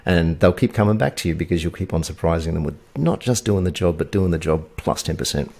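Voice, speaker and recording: Deep-voiced man, rambling storyteller. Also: quick pace, gravelly, a little mellow. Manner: rambling, storytelling with fillers and restarts. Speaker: guest, video agency owner. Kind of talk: casual podcast interview.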